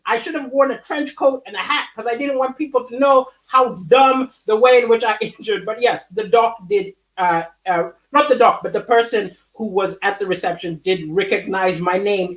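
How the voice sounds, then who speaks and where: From home, a man livestreams a comedy monologue at normal speed with few pauses. He speaks animatedly, his pitch swinging widely, and laughs softly between jokes.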